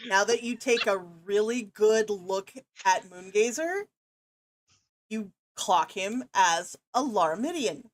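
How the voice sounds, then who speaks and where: A woman game master runs a tabletop session at an unhurried pace. Her voice sounds dry and close to the mic. She describes the scene patiently, with frequent ums. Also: mid-range voice, animated, no room sound.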